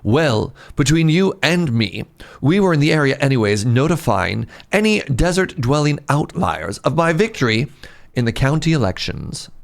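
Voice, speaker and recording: A man's voice: medium pitch, sing-song, normal speed, gravelly. A man putting on a pompous posh mayor. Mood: smug. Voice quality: put-on posh accent. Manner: haughty, dismissive. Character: pompous snobbish male mayor, self-satisfied. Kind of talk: reading game dialogue aloud.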